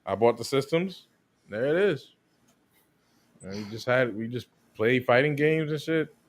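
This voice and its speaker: A man's voice: medium pitch, animated, measured pace. A man co-hosting a podcast, laid-back, chuckling and swearing as he tells a story. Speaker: podcast co-host. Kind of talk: casual chat with friends.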